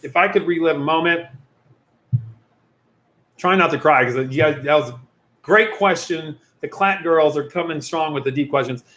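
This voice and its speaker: His voice a little high and fairly bright, this youth pastor speaks a little fast while hosting a casual youth Q&A stream. He's chatty and rambling, often interrupting himself mid-sentence. The audio comes from a computer or phone mic in a room with echo.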